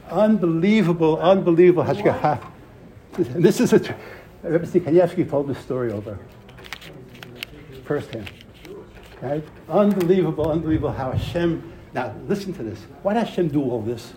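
Animated man telling a Torah story. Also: mid-range voice, slight background noise, poor audio. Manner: animated, repeats phrases for emphasis, uses Hebrew and Yiddish terms. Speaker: rabbi giving a class.

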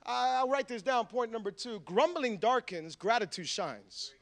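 A male pastor preaches in a high, bright voice, with a light, joking, conversational delivery. His tone stays sharp and tense as he talks to the congregation. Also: animated, moderate pace. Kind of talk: sermon.

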